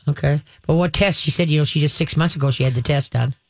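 A woman's voice: deep voice, fast, dry recording. A woman hosting a call-in radio show, talking in a folksy, chatty way full of fillers. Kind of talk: call-in advice chat.

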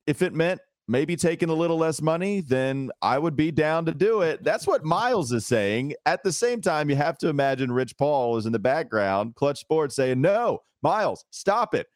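A man's voice: a little high, animated, no room sound, clean studio sound. A man hosting a sports podcast, chatting casually and teasing his co-host. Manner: teasing, laughs often, brisk ad reads.

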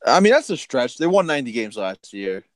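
A man's voice: medium pitch, very animated, fairly quick, no echo. A man co-hosting a casual sports chat, laid back and teasing, rattling off stats. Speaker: podcast co-host.

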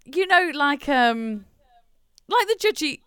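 A woman's voice: sits high, sing-song, slow pace, fairly bright tone, no echo, clean studio sound. A young woman from England, co-hosting a podcast, telling stories in casual chat and acting out what people said, laughing often. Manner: chatty storyteller, laughs often, acts out quotes. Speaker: podcast co-host.

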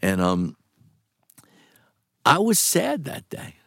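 Lively man telling a story. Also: mid-range voice, slow pace, vocal fry, no echo, clean studio sound. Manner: animated, rambling, swears, laughs often. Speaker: actor guest. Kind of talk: interview storytelling.

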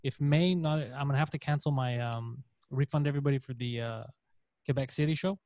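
A man's voice: mid-range voice, brisk, darkish tone. A man in a casual podcast chat, talking in scattered bursts with casual swearing. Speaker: comedian podcast host.

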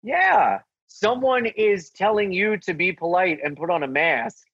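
A man, a stand-up comedian, telling a story in casual chat and acting out the quotes in a higher voice. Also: unhurried, vocal fry, breathy edge, dry recording, muffled recording. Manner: animated, acts out quotes in a higher voice.

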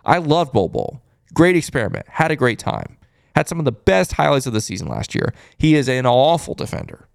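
A man's voice: mid-range voice, big pitch swings, brisk, creaky, smooth, dry recording, clean studio sound. A man hosting a casual live-stream postgame recap, chatty and thinking aloud as he reads through stats and repeats his reactions. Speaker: host of a fan postgame show.

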